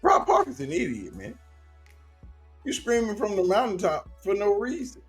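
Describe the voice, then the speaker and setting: A man's voice: high voice, sing-song, moderate pace, gravelly, husky, faint music behind. A man hosting a reaction commentary video, pressing again and again with incredulous rhetorical questions.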